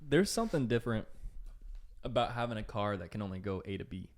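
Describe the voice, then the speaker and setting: A man's voice: lowish voice, lively intonation, fast talker. A young man from Iowa with a Midwestern accent, hosting a casual podcast chat in a joking, playful way. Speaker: podcast host.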